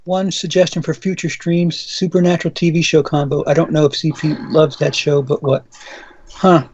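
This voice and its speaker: A man commenting wryly during a casual movie commentary stream, quick to laugh. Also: fairly high pitch, level tone, darkish tone, husky, lo-fi sound.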